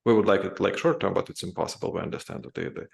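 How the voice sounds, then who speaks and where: A man with a deep, heavily gravelly voice co-hosts a casual podcast. He speaks haltingly, restarting words and filling gaps as he thinks aloud. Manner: halting, with many restarts and fillers. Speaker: podcast co-host. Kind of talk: casual political chat.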